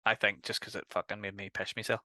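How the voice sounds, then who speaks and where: Northern irish bloke on a podcast, bright voice, dead dry sound, swears and laughs. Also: male voice, fairly low pitch, little pitch movement, quick pace, no echo. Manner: easygoing, laughing, swears casually. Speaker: podcast co-host. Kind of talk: casual chat.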